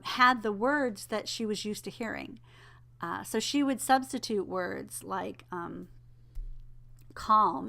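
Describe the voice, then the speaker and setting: A woman's voice: mid-range voice, gravelly. A middle-aged woman lecturing casually, filling her talk with ums and personal stories. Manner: relaxed, filler-heavy explanation with personal anecdotes. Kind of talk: recorded lecture.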